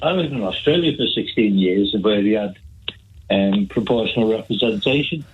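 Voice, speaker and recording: A man's voice: lowish voice, lively intonation, moderate pace, slight background noise. A man calling in to a radio show, chatty and cheerful, rambling a little as he talks. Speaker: caller. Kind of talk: phone-in call. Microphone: telephone line. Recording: tinny phone line.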